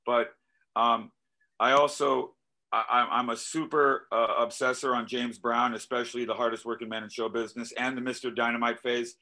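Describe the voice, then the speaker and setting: A male musician talking casually in an interview, telling animated stories, acting out quoted voices and swearing freely. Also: medium pitch, moderate pace, poor audio. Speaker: musician guest.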